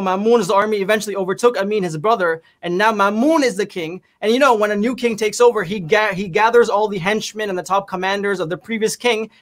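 A man on a religious panel show, retelling a historical story in a lively, vivid way. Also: sits high.

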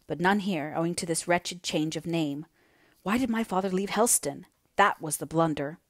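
A woman's voice: lowish voice, normal speed, no echo, studio quality, natural voice. A woman reading an impatient young naval officer. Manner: urgent, coaxing, energetic.

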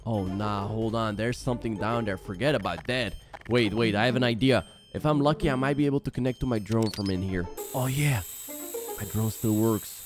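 A young man narrating a horror game he is playing, jumping between hushed muttering and startled yelling. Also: lowish voice, moderate pace, over music. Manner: jumpy, exclaiming, swings between hushed and yelling. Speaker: gaming channel host.

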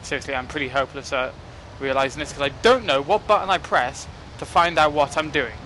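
Excitable young gamer, bright voice. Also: male voice, on the high side, brisk, a little hiss or hum. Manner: excitable, joking and cursing at the game. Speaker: gaming commentator. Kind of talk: casual gameplay commentary.

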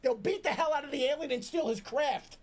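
A middle-aged man, co-hosting a casual reaction stream and ranting loudly with profanity and rapid repeated questions. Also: extremely high pitch. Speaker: streamer's father, co-host.

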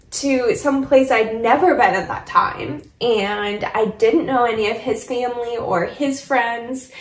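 Teary young woman telling a story. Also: on the high side. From Michigan. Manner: tearful, laughing through emotion. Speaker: vlogger. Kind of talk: casual storytime vlog. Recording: echoey room.

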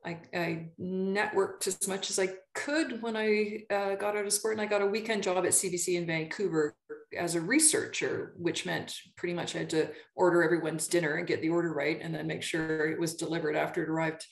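Canadian lady in her 50s, lowish voice, chatty, restarts a lot, echoey room. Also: steady tone, brisk, vocal fry. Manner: chatty, stop-start with many restarts and fillers. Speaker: guest, sports broadcaster. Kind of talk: casual interview chat. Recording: roomy echo.

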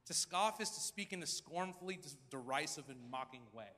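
A man preaching a sermon in a dramatic style, acting out crowd voices and swinging between loud and hushed. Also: a little high, animated, moderate pace, long reverb tail. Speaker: pastor. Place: large church hall.

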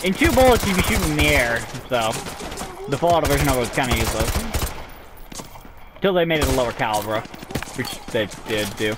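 A man's voice: fairly quick, pauses often, heavy background noise. A young man casually commenting while playing a shooter, swearing, laughing and yelping. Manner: excitable, swears, laughs often, sudden high yelps. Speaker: gameplay streamer.

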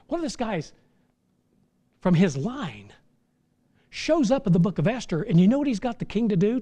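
A middle-aged man preaching a sermon from the pulpit, his voice sitting notably high for a man. He talks in a folksy, plainspoken way, then climbs into fervent, impassioned stretches. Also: dark tone. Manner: folksy, rises to impassioned crescendos. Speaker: pastor.

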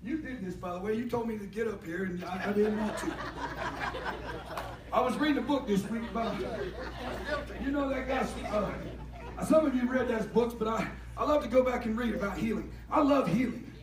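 A man preaches with fervor and a very high voice, swinging between quiet talk and shouting. He is recorded from a distance in an echoey church hall. A congregation answers him from the pews. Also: moderate pace, a crowd in the background. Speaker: lay preacher. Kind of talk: fervent sermon. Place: church sanctuary.

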